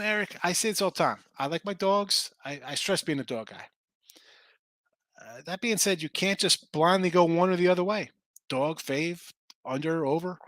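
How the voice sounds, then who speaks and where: A man hosting a sports betting show in casual chat, excitable and quick to swear, calling out viewers by name. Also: sits high, no room sound. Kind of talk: casual betting picks talk.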